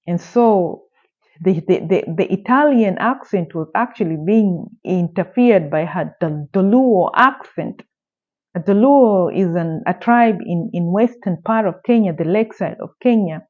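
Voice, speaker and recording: A woman's voice: mid-range voice, expressive, unhurried, narrow, tinny audio. A woman telling a true story in a casual storytime style, emphatic and indignant, with rhetorical questions.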